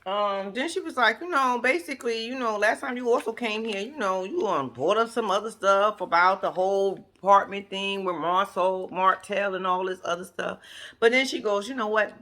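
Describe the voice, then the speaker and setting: A woman's voice: mid-range voice, moderate pace, fairly bright tone. A woman giving casual reaction commentary on a reality show, blunt, sassy and profane, talking straight to her viewers.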